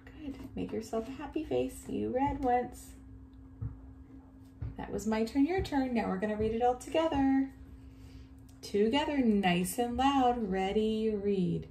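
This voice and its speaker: A woman teacher giving a recorded reading lesson to young children, reading each line slowly and praising often. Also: fairly high pitch, vocal fry, warm tone. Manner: slow, exaggerated reading aloud with cheerful praise. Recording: echoey room, faint background hum.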